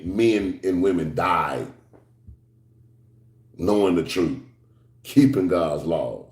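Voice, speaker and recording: A middle-aged man teaching scripture to a class as a sermon, moving between slow, low reading and high excited outbursts, with casual asides to his listeners. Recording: echoey room.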